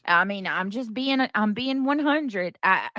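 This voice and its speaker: A woman with a sharp, mid-range voice responds to her live stream chat at a measured but animated pace. She's defensive and fed up, restarting sentences and saying things more than once, and the audio is dry with no echo.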